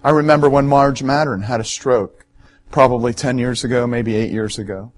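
A man's voice: medium pitch, fairly even intonation, normal speed. A middle-aged man, a pastor giving a sermon in a conversational, storytelling way and speaking directly to his listeners.

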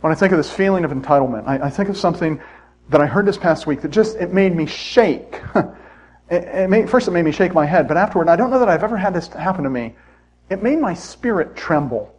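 A male pastor preaching in church with a husky, slightly breathy voice pitched a little high. He talks conversationally and pokes fun at himself as he turns to the congregation. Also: expressive, quick pace, low-quality recording. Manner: conversational, self-deprecating preaching with asides to the congregation. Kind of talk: sermon.

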